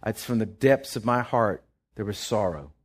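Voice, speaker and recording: A man preaching a sermon, impassioned, rising loud then dropping soft, often restarting his words. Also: fairly low pitch, lively intonation, normal speed, husky.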